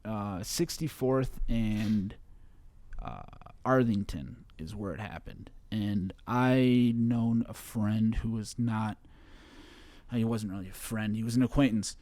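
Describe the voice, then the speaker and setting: A young Chicago man appears as a guest on an interview show, telling a personal story haltingly, full of fillers and restarts. His voice is fairly low and mellow.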